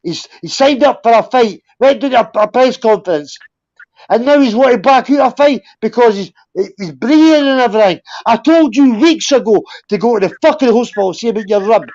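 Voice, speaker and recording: A man's voice: very high-pitched, expressive, fairly quick, darkish tone. A Scottish man in his fifties, hot-tempered and blunt, swearing heavily in casual heated chat. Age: 50s. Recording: dull lo-fi stream audio.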